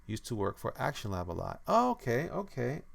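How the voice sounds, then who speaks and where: A man's voice: medium pitch, huge pitch swings, a little fast, gravelly. A man streaming as a comic artist, chatting casually and playfully with his viewers, often trailing off and repeating himself. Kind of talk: casual livestream chat, reading comments aloud.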